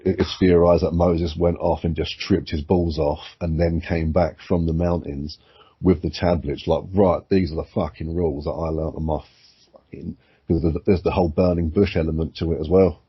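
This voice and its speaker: A man's voice: low-pitched, steady tone, normal speed, slightly rough. A man co-hosting a podcast, chatting casually, rambling and swearing freely as he talks. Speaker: podcast co-host. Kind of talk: casual chat. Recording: muffled lo-fi sound.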